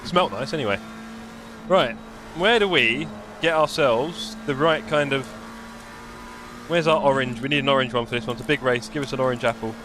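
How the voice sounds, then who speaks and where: A man's voice: mid-range voice, moderate pace, long pauses, background noise. A man, live-streaming a sim race with chatty, jokey commentary and muttering while he adjusts his car setup.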